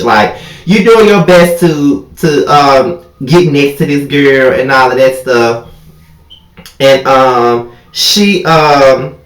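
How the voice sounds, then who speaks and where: Young male vlogger, sassy and profane, jumps high when outraged, roomy echo. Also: fairly bright tone. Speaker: YouTube TV recap host. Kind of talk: casual reality-TV recap rant.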